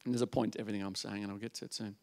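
A man preaching a sermon, telling a story in an animated way, acting out voices and often asking the audience "yeah?". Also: on the low side, rapid-fire, gravelly.

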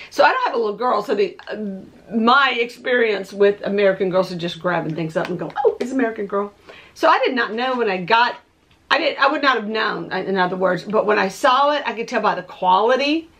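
A woman with a voice going hoarse, rambling as she shows off her thrift finds at home. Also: mid-range voice, animated, normal speed, fairly bright tone. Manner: rambling, chatty, thinking aloud. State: losing her voice. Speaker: vlogger showing thrift finds. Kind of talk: casual show-and-tell chat. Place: home room with window open. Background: dogs barking.

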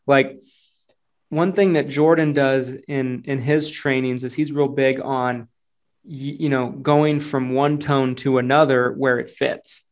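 A man hosting a podcast, talking casually about phone sales in a relaxed, loose way with lots of fillers. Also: mid-range voice, slow. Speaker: podcast host and insurance sales agent.

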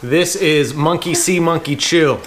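Low-voiced woman unboxing dog treats. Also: measured pace. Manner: reads product labels aloud, coos at dogs. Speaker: channel co-host. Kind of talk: casual unboxing chat. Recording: loud yard-work noise outdoors.

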